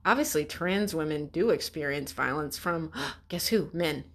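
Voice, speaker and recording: A woman's voice: deep voice, expressive, unhurried. A woman reacting to an article, sarcastic and exasperated, swearing often. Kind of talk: ranting commentary.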